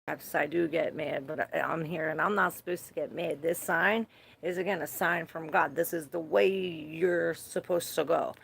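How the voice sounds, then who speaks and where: A woman's voice: low voice, fairly even intonation, normal speed, creaky, a bit bright, slight background noise. A woman giving a casual live tarot reading, chatty and laughing often, cursing freely as she talks to her viewers. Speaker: tarot reader.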